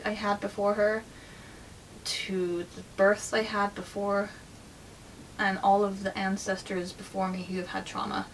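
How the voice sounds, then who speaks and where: A woman's voice: medium pitch, fairly bright tone, distant mic, a little hiss or hum, low-quality recording. Candid woman telling a personal story. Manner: candid, emotional, chatty with many fillers. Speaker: vlogger.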